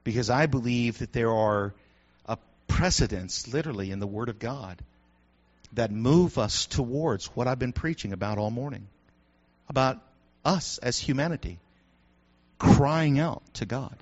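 A male pastor preaching a sermon in an animated way, building to shouts with joking asides. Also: medium pitch, a little slow. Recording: dull lo-fi sound.

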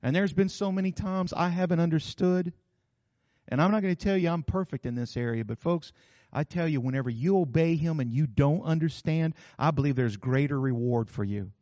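A man's voice: fairly high pitch, brisk, mellow, dry recording, lo-fi sound. A man preaching a sermon in a folksy, joking way. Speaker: pastor.

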